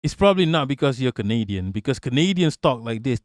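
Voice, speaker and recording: A man's voice: mid-range voice, sing-song, quick pace, no echo, studio quality. A man hosting a live stream, joking crudely and answering viewers by name in casual chat.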